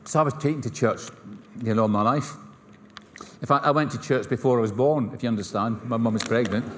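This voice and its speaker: A man's voice: medium pitch, a little fast, a bit bright, slight background noise. A middle-aged man from Scotland with a Scottish accent, preaching a sermon and telling stories with humorous asides and acted-out dialogue. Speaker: pastor. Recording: long hall reverb.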